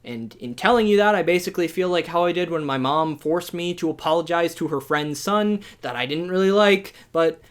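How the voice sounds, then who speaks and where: A young adult movie reviewer rants through a video review, sounding exasperated and sarcastic. The delivery is animated, stacking up rhetorical questions and dry asides. The voice is mid-range and brisk, with few pauses.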